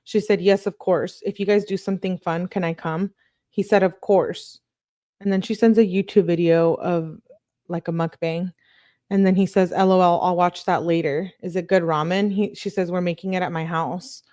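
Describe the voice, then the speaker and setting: A woman with a fairly low voice reads a long run of text messages aloud for her true crime channel. Her delivery is plain and matter-of-fact, and she drops quick, casual remarks between the messages. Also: fairly even intonation, dark tone.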